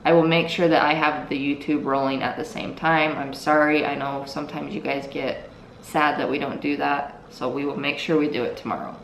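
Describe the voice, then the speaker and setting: A woman's voice: low voice, little pitch movement, fairly quick, few pauses. A woman co-hosting a casual vlog, talking earnestly and reassuringly to her viewers and often repeating herself. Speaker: co-host of a couple's channel. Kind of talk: casual chat to camera. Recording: roomy with faint noise.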